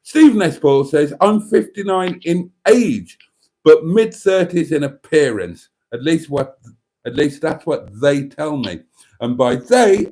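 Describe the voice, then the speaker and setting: A man's voice: a little high, warm tone. A man hosting a casual livestream, reading comments and teasing with dry quips. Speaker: livestream host.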